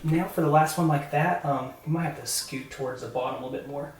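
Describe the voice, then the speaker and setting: Speaking fast in a deep, slightly mellow voice, a chatty Southern American boudoir photographer directs her shoot with upbeat coaching packed with fillers. The setting is a spacious indoor photo studio, captured by a distant mic in an echoey room with faint music behind.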